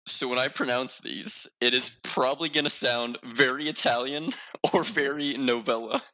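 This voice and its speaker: A man's voice: mid-range voice, fairly even intonation, normal speed, bright, forceful tone. A man hosting a casual podcast chat, rambling and self-mocking with lots of filler words. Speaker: podcast host.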